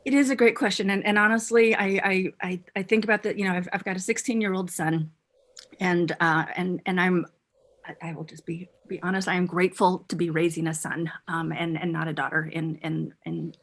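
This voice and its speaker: A middle-aged woman answering as a panelist on a video call, thoughtful and halting with many restarts and fillers. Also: on the low side, fairly even intonation.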